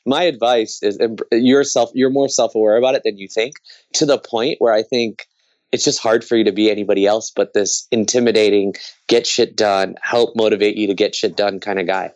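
Dude giving blunt chill advice on a podcast, swears some, normal pitch, dry close mic. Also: male voice, steady tone, a little fast, dry recording, highs cut off. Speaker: podcast co-host. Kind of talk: casual conversation.

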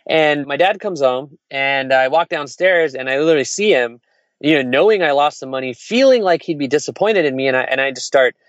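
A man's voice: fairly high pitch, animated, a little fast, dry recording, highs cut off. A man who is an entrepreneur tells candid stories in casual conversation, with restarts and quoted dialogue. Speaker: entrepreneur guest.

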